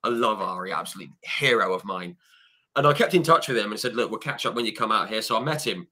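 A man's voice: lowish voice, lively intonation, fast, pushed and bright. A man hosting a motorsport podcast, telling enthusiastic stories of meeting his heroes. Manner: enthusiastic, storytelling fan. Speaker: podcast host. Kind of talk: conversational interview.

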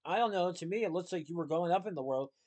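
A man's voice: high-pitched, animated, fast talker, husky, pitched above the performer's own voice. A man voicing a clever, cheerful young male chocolatier with a playful, confident way of talking, while reading a story aloud.

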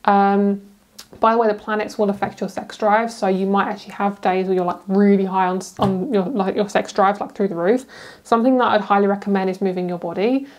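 Young British woman, chatty tarot reader, casual and giggly, mid-pitched. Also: fairly even intonation, brisk. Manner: chatty, giggly, rambling with fillers. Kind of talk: casual pick-a-card tarot reading.

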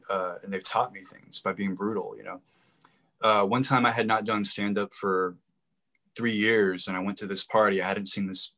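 Low-voiced male guest telling stories. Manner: storytelling, lively anecdotes. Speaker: actor and comedian guest. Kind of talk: casual conversational interview.

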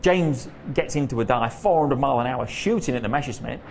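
Animated man spinning yarns. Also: medium pitch, brisk, gravelly, a little hiss or hum. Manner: blunt, swears, laughs through his stories. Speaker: documentary presenter. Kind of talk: casual storytelling to camera.

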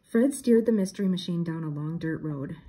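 An older woman reading a children's mystery book aloud in a steady, expressive way. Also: on the low side, brisk, husky. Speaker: storybook reader.

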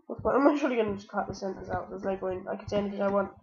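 A woman hosts a let's-play on her gaming channel, excitably talking to the game and yelping whenever she's in danger. Her mid-range voice races along with vocal fry. The highs are cut off and there's a little hiss or hum.

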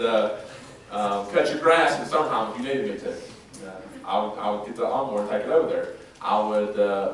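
A male pastor preaching a sermon, swinging between loud emphatic passages and chatty, joking asides to his congregation. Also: mid-range voice, recorded from a distance, a little hiss or hum. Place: church sanctuary. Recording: echoey church recorded from afar.

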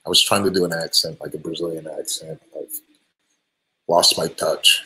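A band singer answering fan questions on a live stream, friendly and relaxed, with many ums and restarts. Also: male voice, extremely low pitch, normal speed, low-quality recording. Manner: friendly, thanks each fan by name.

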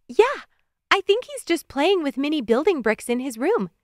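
An eager young girl chirps in a high, bright voice, as a woman puts her on. Her pitch sits well above an adult's, lively and quick. The sound is close and dry. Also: no room sound. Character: excited young girl, older sister.

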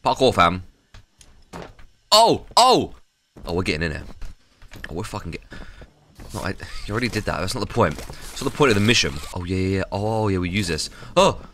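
A man streaming a game live, reacting loudly and excitably with lots of swearing. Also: deep voice, fast talker, a little hiss or hum. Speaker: gaming streamer. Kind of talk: casual live-stream gameplay commentary.

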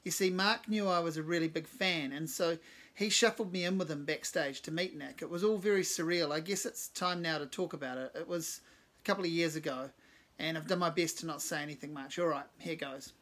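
A man's voice: a little high, fairly quick, a bit bright. Man reading a wry first-person story. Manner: wry, self-deprecating asides.

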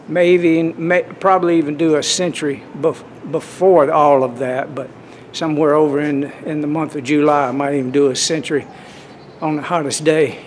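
A man in his 60s vlogs at a swimming pool, talking casually to the camera in a folksy, rambling way and often restarting his sentences. His voice sits a little high, and there's a faint hiss or hum in the recording.

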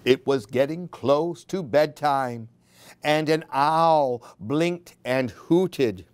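A woman reading picture books aloud to children in a slow, expressive, sing-song way. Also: deep voice, no room sound. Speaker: storyteller.

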